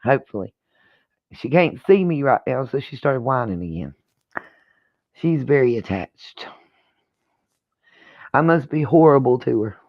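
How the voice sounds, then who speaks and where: A woman's voice: rumbling low, expressive, measured pace, long pauses. Chatty opinionated woman, dull lo-fi sound. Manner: chatty, opinionated, thinks aloud. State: hiccuping. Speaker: host of a reaction channel. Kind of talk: casual commentary on a played clip.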